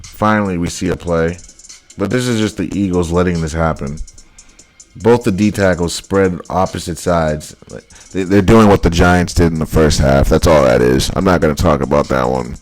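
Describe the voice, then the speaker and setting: A man breaking down football highlights in casual commentary, blunt and exasperated, repeating his points. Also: normal speed, a little mellow, soft background music. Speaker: football film analyst.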